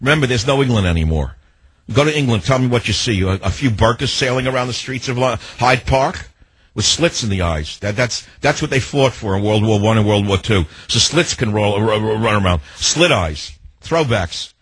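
A man's voice: on the low side, animated, normal speed, fairly bright tone, slightly rough, no echo. A man hosting a talk radio show, delivering a ranting, sarcastic monologue.

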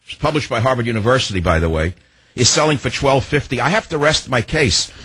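A man's voice: medium pitch, brisk, fairly bright tone, breathy edge, dry recording. An older man hosting a call-in radio talk show, ranting indignantly and firing off emphatic rhetorical questions.

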